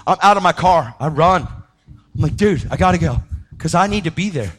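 A man preaching a sermon, telling a story with lively energy and acting out the voices of the people in it. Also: fairly quick, a little hiss or hum. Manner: animated, acts out quoted voices, pitch jumping up when excited.

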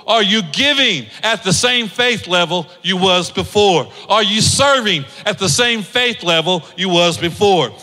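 A man's voice: sits high, sharp tone, big-room sound. A man preaching a sermon to his congregation. He stacks up rhetorical questions and rises into sing-song emphasis. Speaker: pastor.

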